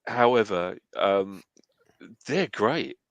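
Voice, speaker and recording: An English man with a lowish voice chats casually about films. He is enthusiastic and keeps stopping to restart his sentences. The sound is dry and close. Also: lively intonation, no echo, lo-fi sound. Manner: enthusiastic, halting with many restarts. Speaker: host. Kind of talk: casual film chat.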